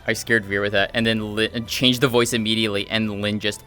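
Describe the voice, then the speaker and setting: Male streamer rambling about his rp, swears a lot, lowish voice. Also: level tone, fairly quick, pushed and bright, soft background music. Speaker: streamer and role-play player. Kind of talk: casual chat.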